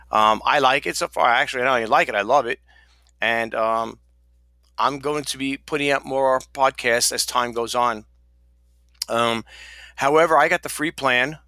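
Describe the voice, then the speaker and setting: A podcast host rambles casually on his own solo show, full of fillers and restarts. His mid-range voice is bright and forceful, recorded dry.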